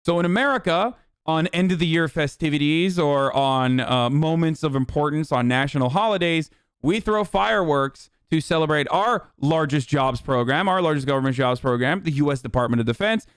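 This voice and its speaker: A man's voice: fairly high pitch, moderate pace, smooth, no room sound, studio quality. A man hosting a stream, giving heated, profane casual political commentary. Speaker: streamer host.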